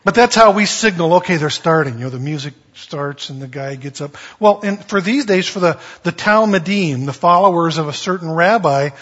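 A male pastor preaches in a folksy, conversational way and tells stories with animation. His voice is husky and slightly high. The recording is dull and lo-fi. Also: lively intonation, normal speed, few pauses, a bit bright. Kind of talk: sermon.

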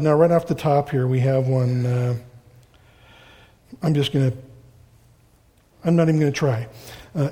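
A man's voice: fairly high pitch, moderate pace, pauses often, warm tone. A man, a pastor giving a conversational, rambling sermon to his congregation in a church hall. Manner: casual, rambling, self-deprecating. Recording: long reverb of a large hall.

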